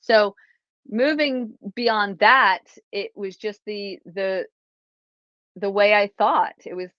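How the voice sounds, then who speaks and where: A woman hosting a livestream, telling stories in a rambling, animated way and acting out what people said. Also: medium pitch, slow pace, dry recording, lo-fi sound. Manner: rambling, animated, lots of restarts and acted-out quotes. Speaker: livestream host. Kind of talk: casual storytelling to a live chat.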